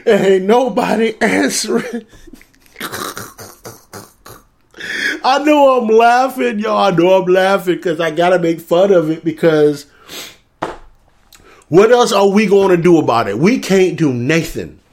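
A man with a fairly high voice rants about politics in slow, drawn-out phrases. He is profane and keeps breaking into laughter as he mocks the news. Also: darkish tone, a little hiss or hum. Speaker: commentary show host. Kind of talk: comedic political rant.

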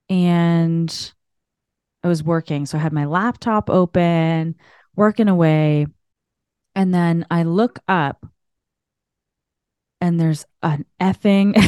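A woman host from Canada telling a spiritual story in an animated, chatty way, full of filler words. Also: medium pitch, no echo, studio quality.

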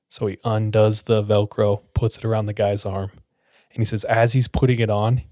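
Low-voiced man telling a scary story. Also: no echo, studio quality. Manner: relaxed, fills speech with "like". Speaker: podcast host. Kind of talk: casual storytelling.

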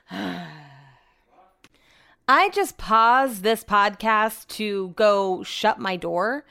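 A woman's voice: medium pitch, drawn-out words, vocal fry, sharp tone, smooth. A young adult woman hosting a podcast from home, telling rambling everyday stories and swearing freely. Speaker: podcast host. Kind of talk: casual chat. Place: home, upstairs room.

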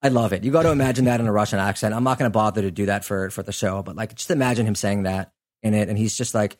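A man's voice: on the low side, fast, darkish tone. A man hosting a podcast, telling a true-crime story in a casual, conversational way with frequent asides. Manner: conversational, chatty, lots of "like" and "you know" asides. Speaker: podcast host.

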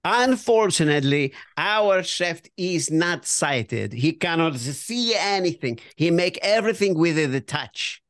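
A man's voice: on the high side, big pitch swings, unhurried, few pauses, fairly bright tone, dry recording, studio quality. A man voicing a chatty, fretful male Italian buffet server with a put-on Italian accent and broken English. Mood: apologetic.

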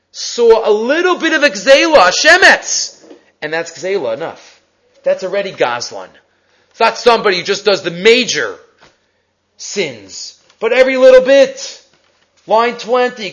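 A man teaching a Torah class, reading Hebrew texts aloud and retelling stories with animated quotes. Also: high voice, dull audio.

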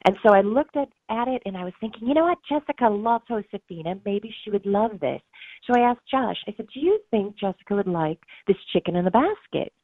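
An expressive, mid-range female voice, a little fast, tells an emotional story during an interview. The speaker, a middle-aged bereaved mother and author, is earnest, acts out others' voices, and laughs through tears. The recording is dry and sounds tinny, like a phone line.

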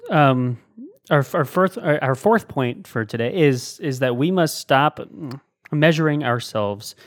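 A man co-hosting a casual faith discussion, speaking in a halting way with many fillers and restarts. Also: mid-range voice, animated, no echo, studio quality. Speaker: podcast co-host.

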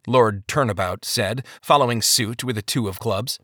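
A man narrating a story in a lively, expressive reading on a close microphone. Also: lowish voice, normal speed, hardly any pauses, dry recording. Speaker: audiobook narrator. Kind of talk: scripted narration.

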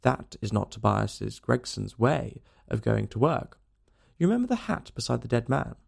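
A man's voice: mid-range voice, big pitch swings, normal speed, vocal fry, heavily acted. A man reading an audiobook, voicing a pompous, self-satisfied middle-aged police detective. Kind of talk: audiobook character voice.

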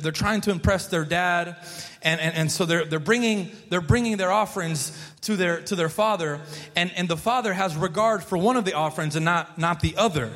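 Long hall reverb fills this recording from a church sanctuary, where a male pastor delivers a relaxed, conversational sermon, repeating and restarting phrases and urging the congregation to answer back. His voice sits high and sounds a bit bright.

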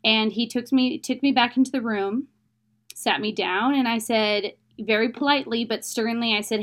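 A woman's voice: on the high side, fairly even intonation, moderate pace, fairly bright tone. A young adult woman, an interview guest, telling a personal story in a candid, emotional, plain-spoken way.

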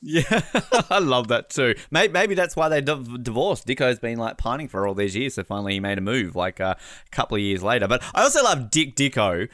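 A man chats with his co-host at a quick clip. His pitch leaps all over the place. He swears casually and breaks into loud impressions. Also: no room sound. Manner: animated, swears freely, mimics people in loud bursts. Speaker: podcast co-host. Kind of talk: casual chat.

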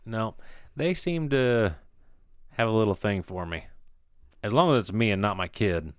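A man co-hosting a podcast in casual chat, relaxed and quick with short agreeing replies. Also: fairly low pitch, clean tone, no echo, studio quality. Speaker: podcast co-host.

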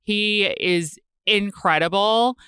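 A woman's voice: mid-range voice, slow, a bit bright, clear, resonant tone, no room sound. A woman co-hosting a podcast in casual chat, rambling and wry, often breaking off mid-sentence. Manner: rambling, self-interrupting, wry. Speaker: podcast co-host.

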